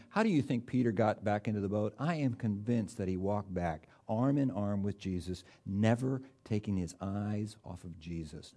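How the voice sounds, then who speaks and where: Folksy, mellow-voiced male preacher. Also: on the low side. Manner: conversational, folksy humor with rising emphatic bursts. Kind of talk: sermon.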